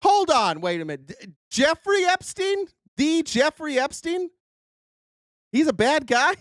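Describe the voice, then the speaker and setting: A man's voice: sits high, animated, a little fast, fairly bright tone, no echo, studio quality, pitched above the performer's own voice. A man mockingly voicing a clueless, gullible event-goer who is amazed to hear old news, in an exaggerated, incredulous tone.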